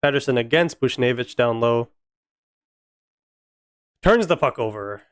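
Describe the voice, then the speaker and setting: A young man provides fan play-by-play on a live stream, exasperated and sarcastic about his team. His mid-range voice is animated yet unhurried and smooth, in a dry recording.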